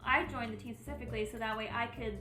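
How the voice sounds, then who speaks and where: A woman on a paranormal team chatting casually, enthusiastic and quick to laugh. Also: fairly high pitch, steady tone, bright, forceful tone. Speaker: paranormal team member co-host. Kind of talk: casual chat. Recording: echoey room, faint music.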